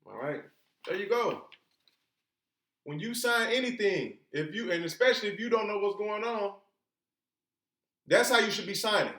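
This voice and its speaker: A man's voice: high voice, animated, normal speed, pauses often, bright, forceful tone. A man giving an informal lesson, emphatic and colloquial, posing rhetorical questions and then answering them himself. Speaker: instructor. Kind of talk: informal teaching talk. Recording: echoey room.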